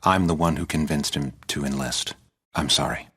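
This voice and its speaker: An actor playing a steady, dutiful male soldier with a firm, low-key manner in a game. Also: moderate pace, slightly rough, full character voice.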